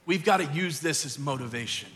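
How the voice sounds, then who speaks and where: A man's voice: fairly high pitch, a little fast, fairly bright tone. A middle-aged man, a pastor preaching a sermon and telling a family story, earnest and building to emphatic exhortation. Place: church sanctuary. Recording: church hall reverb with faint music.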